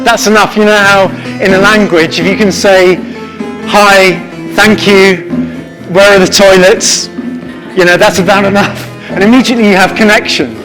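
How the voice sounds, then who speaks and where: A man's voice: sits high, poor audio. A man leading a live rhythm workshop, encouraging the group and vocalizing drum patterns. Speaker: music workshop leader. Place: lecture hall with a live audience.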